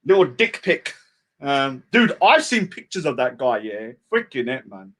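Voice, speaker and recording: A man's voice: mid-range voice, sing-song, measured pace, fairly bright tone. A man delivering a taunting rant at a rival, hurling insults and mocking him. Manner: mocking and insulting, mimics his target in a whiny voice. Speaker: street preacher and debater. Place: outdoors at a public speaking spot.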